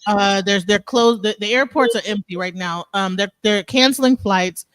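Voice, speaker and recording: A man's voice: high voice, normal speed, fairly bright tone, smooth, no echo. Man, panel host, casual talk, rambling, restarts often, dry close sound. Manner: rambling, many restarts and fillers. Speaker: show host.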